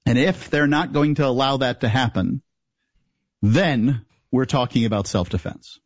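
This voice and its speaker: A man co-hosting a talk show, speaking in a measured, matter-of-fact way. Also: medium pitch, no room sound, lo-fi sound. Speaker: co-host. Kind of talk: casual talk show advice.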